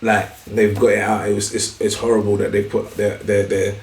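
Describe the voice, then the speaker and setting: A man co-hosting a podcast in casual chat, halting and repeating words as he works out what he means. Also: lowish voice, level tone, echoey room, far from the mic. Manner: halting, repeats words while searching for phrasing. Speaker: podcast co-host.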